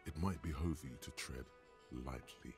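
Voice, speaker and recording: An actor voicing a deep-voiced male inner narrator in a video game, measured and wry. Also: faint music behind. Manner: measured, wry, hushed at times.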